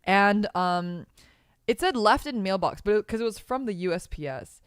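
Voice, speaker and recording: Dry-miked woman host, lively voice. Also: mid-range voice, normal speed, clear, resonant tone, no echo. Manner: rambling storyteller, many fillers, bursts into laughter. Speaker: podcast host. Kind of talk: casual chat on a streamed podcast.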